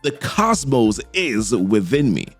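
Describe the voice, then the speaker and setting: A man's voice: medium pitch, sing-song, slow, soft background music. Matron Amala, a man voicing a haughty fanatic priestess. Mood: menacing. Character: fanatical female cult leader, haughty and menacing.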